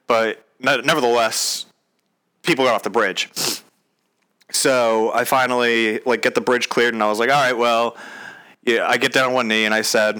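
A man's voice: medium pitch, sharp tone, smooth. A young man casually telling a story, swearing freely and acting out both sides of a past conversation. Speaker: storyteller recounting his proposal.

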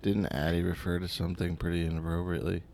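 A man chatting casually as co-host, making dry, deadpan remarks. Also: low voice, fast talker. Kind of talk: casual chat.

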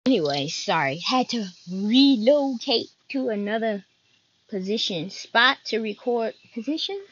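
A woman's voice: fairly high pitch, lively intonation, a little slow, muffled recording, a little hiss or hum. A young woman hosting her own podcast, chatting casually and rambling from one topic to the next. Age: young adult. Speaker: podcast host.

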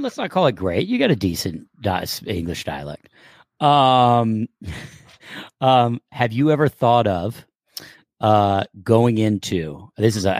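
A man, an actor, telling jokes and stories in an animated way during an interview. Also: lowish voice, no room sound, clean studio sound. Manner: animated, joking storyteller. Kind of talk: casual interview chat.

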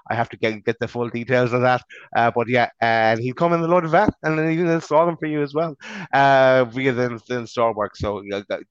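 A man chatting on a fan podcast, with a smooth, resonant voice at a middling pitch. He rambles through plugs and restarts his sentences often. The sound is dry and dull, like lo-fi call audio. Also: dry recording. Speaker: podcast co-host. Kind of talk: casual fan-show chat.

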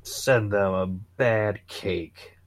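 A man's voice: on the low side, very slow, no echo. A man co-hosting a podcast in casual chat, laid-back and teasing. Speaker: podcast co-host.

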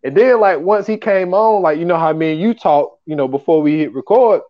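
A man's voice: fairly high pitch, a little fast, highs cut off. A man hosting a podcast in casual chat, rambling and filling with "you know what I'm saying.". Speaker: podcast host.

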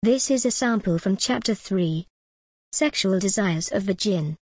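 A woman's voice: mid-range voice, lively intonation, measured pace, a little mellow, slightly rough, no room sound. A woman narrating an audiobook in scripted style, reading all the characters in a mostly plain voice.

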